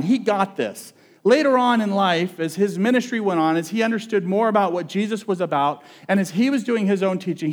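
A male pastor preaching a sermon in a relaxed, conversational and humorous way, often asking the audience questions. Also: high-pitched.

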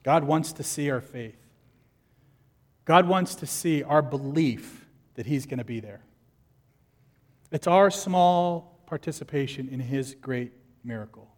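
A man preaching a sermon as pastor, lively and animated, acting out the people in his stories. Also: mid-range voice, takes it slowly, long pauses, long reverb tail.

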